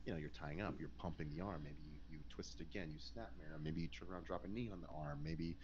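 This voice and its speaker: Podcast guest, man, very low voice, animated storyteller, lo-fi sound with faint noise. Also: fast talker. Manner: animated, swearing, acts out quotes. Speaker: podcast guest, former pro wrestler. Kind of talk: casual storytelling.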